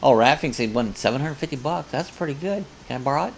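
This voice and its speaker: Gravelly older man hosting a chat. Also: mid-range voice, expressive, quick pace, a little hiss or hum. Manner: chatty, rambling, reads comments aloud. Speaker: host of a live coffee chat. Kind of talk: casual live-stream chat reading viewer comments.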